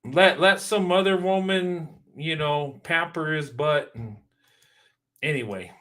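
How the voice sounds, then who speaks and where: A man's voice: fairly high pitch, slow, bright, forceful tone. A man hosting a reaction video, giving casual commentary in an emphatic, preachy way and repeating points for stress.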